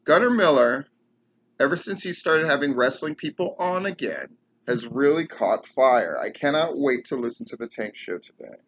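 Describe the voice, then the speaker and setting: A man's voice: medium pitch, big pitch swings, moderate pace, lo-fi sound. A man hosting his own commentary show, ranting heatedly and sarcastically with lots of swearing. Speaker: podcast host and wrestling commentator. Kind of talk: profane rant commentary.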